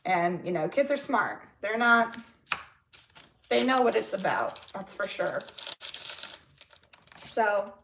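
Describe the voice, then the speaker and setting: A woman hosting a casual live stream from home, chatty and excitable, her voice rising and getting louder when she gets worked up. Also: medium pitch, slow pace, creaky, long pauses, slight background noise. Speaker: livestream host chatting with viewers. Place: at home with barking dogs. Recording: echoey room.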